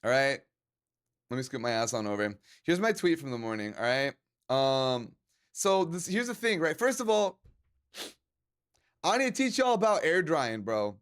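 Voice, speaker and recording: A man's voice: medium pitch, big pitch swings, normal speed, pauses often, smooth. A slightly drunk man streaming and chatting casually with his audience, joking loosely and swearing, with Spanish words thrown in. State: a little drunk. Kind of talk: casual drunk stream chat reading chat aloud.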